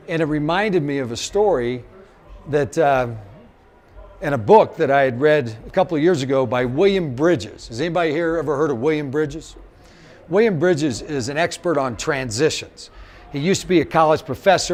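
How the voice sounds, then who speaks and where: A middle-aged man from Missouri giving a live motivational talk, telling stories, acting out the quotes and speaking straight to the audience. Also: on the high side. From Missouri, USA. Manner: animated storyteller, acts out quotes, addresses the audience directly.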